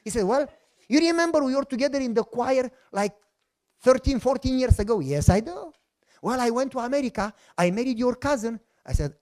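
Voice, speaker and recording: A middle-aged man with a Romanian accent, preaching a sermon as a lively, joking storyteller who acts out the dialogue. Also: extremely high pitch, a little fast. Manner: animated, jokey, acts out dialogue. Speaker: pastor.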